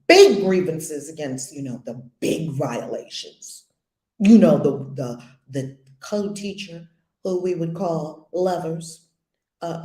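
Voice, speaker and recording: A woman's voice: sits low, dark tone, reverberant. A woman giving a spiritual lesson, earnest and emphatic, often repeating phrases, with conversational, playful asides. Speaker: spiritual teacher.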